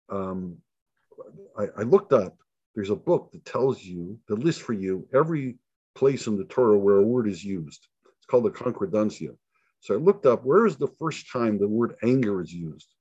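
A man's voice: on the low side, slightly rough, no room sound. A man who is a rabbi teaching an informal Torah lesson, telling stories and acting out the dialogue with many repeats. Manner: animated storyteller who acts out dialogue and repeats himself. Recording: dull lo-fi sound.

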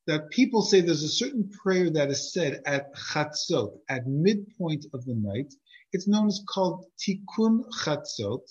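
Guy with a highish voice telling a story to a class, chatty, lo-fi sound. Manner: lively, conversational. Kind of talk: animated storytelling lesson. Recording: dull lo-fi recording.

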